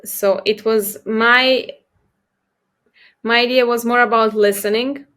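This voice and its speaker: Slow, hesitant woman searching for words. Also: fairly high pitch, steady tone, fairly bright tone. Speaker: podcast guest. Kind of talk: casual conversation.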